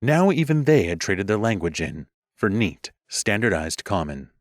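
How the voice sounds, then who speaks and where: A man's voice: fairly low pitch, big pitch swings, moderate pace, no room sound, clean studio sound. A man narrating a fantasy audiobook with a wry, sardonic delivery. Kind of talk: scripted narration.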